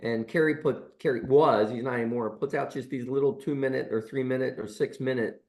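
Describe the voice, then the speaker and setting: A man's voice: medium pitch, steady tone, a little fast, darkish tone. A man in his sixties, a chiropractor co-hosting a podcast, telling stories in a rambling, casual way with many fillers and restarts. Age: 60s. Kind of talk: casual storytelling chat.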